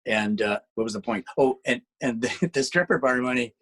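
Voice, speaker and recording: Husky-voiced man chatting loosely. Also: mid-range voice, animated, moderate pace, a bit bright, poor audio. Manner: rambling, with many restarts and fillers. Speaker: guest musician and internet radio DJ. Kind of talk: casual interview chat.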